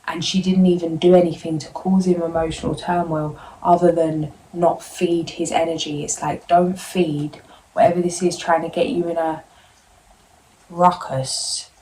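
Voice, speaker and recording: Low, flat-voiced woman reading tarot. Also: normal speed, a little hiss or hum, poor audio. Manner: gentle, meandering, reassuring, addressing viewers directly. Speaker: tarot reader.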